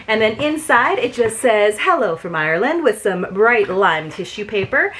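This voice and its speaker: Young woman vlogger, mid-pitched, chatty and gushing, casual unboxing talk to camera. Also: big pitch swings, moderate pace, fairly bright tone, a little hiss or hum. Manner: chatty and gushing, with frequent "like" and "you guys". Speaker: unboxing channel host.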